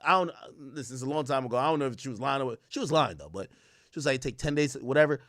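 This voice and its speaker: A man's voice: medium pitch, animated, fast talker, a bit bright, no echo, studio quality. A young man hosting a podcast, telling a long personal story in casual, profane talk and quoting others in his own voice. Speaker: podcast host.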